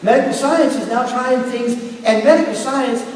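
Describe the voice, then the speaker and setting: A middle-aged man pastor preaching a sermon with personal testimony, telling his story in turns quiet and emphatic. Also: very high voice, normal speed. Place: church sanctuary. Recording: echoey hall from far off, faint hiss.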